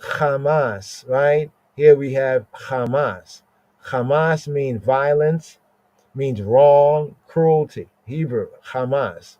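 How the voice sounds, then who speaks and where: A man hosting a live Bible study, slowly explaining Hebrew words, repeating them and often asking "right?". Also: mid-range voice, darkish tone, no echo, lo-fi sound. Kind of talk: live scripture teaching.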